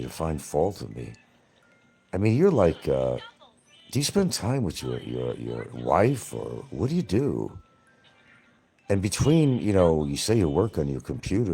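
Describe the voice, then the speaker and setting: On his livestream show, this host rails at critics who are absent, mocking them confrontationally, repeating himself and swearing without restraint. His voice is deep and mellow with a breathy edge.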